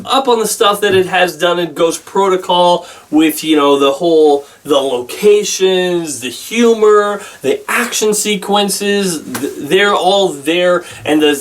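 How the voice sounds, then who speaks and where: A man with a somewhat high voice talks through a film review in a loose, rambling way, stopping and restarting his sentences often. He sits a little back from the microphone, so his voice sounds slightly distant. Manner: rambling, halting, with many restarts and fillers. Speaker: movie reviewer. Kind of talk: casual spoken film review.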